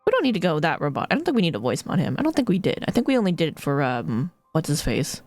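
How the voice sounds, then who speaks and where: A woman's voice: low-pitched, wildly swooping pitch, fast, darkish tone, no echo, soft background music. A woman streamer chatting casually as she plays, joking at herself and swearing now and then. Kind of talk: casual live-stream chat. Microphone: streaming mic.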